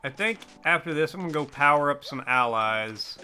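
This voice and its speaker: A man's voice: fairly high pitch, lively intonation, normal speed, pushed and bright. A man casually commentating as he plays a video game on stream, joking and swearing in asides. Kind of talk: casual gaming livestream commentary.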